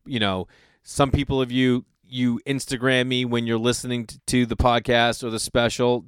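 A man's voice: mid-range voice, clear, resonant tone, dry recording, studio quality. A man in his thirties, a comedian hosting his own podcast, telling loose, profane stories and acting out the people he quotes. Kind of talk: casual storytelling monologue.

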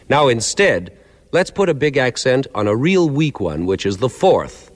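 A man giving a clear, measured lecture that explains musical ideas step by step, sometimes counting out beats. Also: medium pitch, sing-song, in a large hall.

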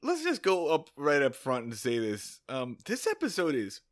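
A man's voice: on the high side, huge pitch swings, moderate pace, no room sound. A man co-hosting a comedy podcast, bantering sarcastically and swearing casually. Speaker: podcast co-host.

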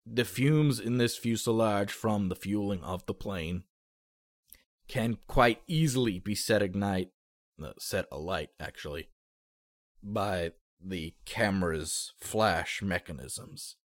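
A man playing a curt, stern male airplane engineer who speaks in a clipped, quietly threatening way. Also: on the low side, takes it slowly, dry recording, studio quality.

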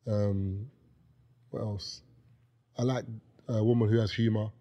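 A man's voice: lowish voice, level tone, unhurried, warm tone, highs cut off. A man with a British accent, a podcast guest, chatting casually and bantering with a joking, laughing manner.

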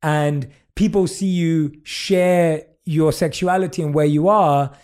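A man's voice: on the high side, steady tone, takes it slowly, darkish tone, clear, resonant tone. A British man interviewing a guest, effusive and full of praise, reading passages from her book aloud. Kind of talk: warm podcast interview.

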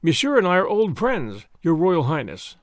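A man's voice: on the high side, wildly swooping pitch, moderate pace, no echo, clean studio sound. A man voicing a witty aristocratic young lady with a playful, demure manner. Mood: arch.

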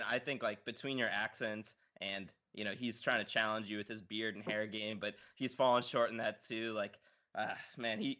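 A man hosting a podcast, firing off playful and eager questions in a fairly low voice. He keeps a casual, bantering tone. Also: bright, forceful tone. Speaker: podcast host. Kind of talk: casual interview chat.

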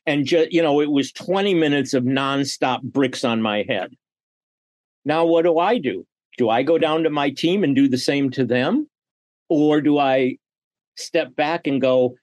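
A man's voice: mid-range voice, measured pace, no echo. A middle-aged man talking as a guest on a podcast interview, telling stories and acting out quoted dialogue. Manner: animated storyteller who acts out quoted dialogue. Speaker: guest, business leader and coach.

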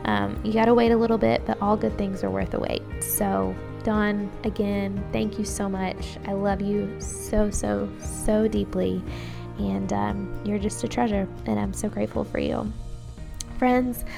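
A woman's voice: medium pitch, level tone, a little slow, vocal fry, over music. A woman hosting a podcast, closing the season with gushing thanks to her guest and listeners. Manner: gushing, warm thanks with light laughs. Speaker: podcast host. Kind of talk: heartfelt outro monologue.

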